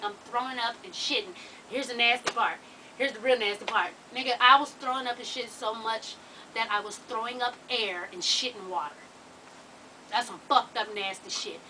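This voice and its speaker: A woman's voice: on the high side, distant mic, slight background noise, rough recording. A woman telling a long story to her viewers, laughing and swearing freely. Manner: profane, animated, laughs while telling. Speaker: vlogger.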